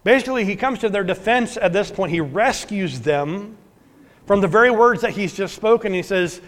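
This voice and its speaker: A man preaching a sermon as pastor, earnest, swinging from emphatic to hushed. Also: sits high, animated, moderate pace. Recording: long hall reverb.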